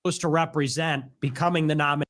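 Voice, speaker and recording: A man's voice: fairly high pitch, fairly even intonation, fast, fairly bright tone, no echo, studio quality. A man co-hosting a live commentary stream, speaking in a blunt, offhand way. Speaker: co-host.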